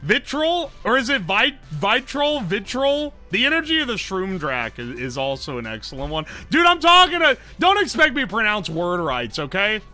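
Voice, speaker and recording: A man's voice: high voice, brisk, few pauses, soft background music. A man with an Appalachian accent chatting on a live stream, joking around and answering his chat's messages aloud. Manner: joking, animated, reads chat messages aloud and answers them. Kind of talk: casual live-stream chat.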